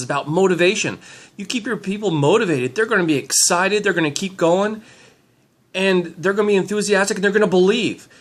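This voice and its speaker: Middle-aged male team leader, self-filmed pep talk, slightly high voice, eager and loose with fillers. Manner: upbeat, rambling, lots of fillers. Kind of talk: handheld motivational vlog. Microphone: handheld camera mic.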